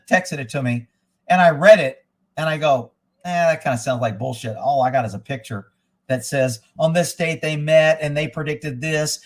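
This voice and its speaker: Profane, rambling man, slightly high voice. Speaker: livestream host. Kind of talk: casual rambling livestream talk. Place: indoors at a rural home.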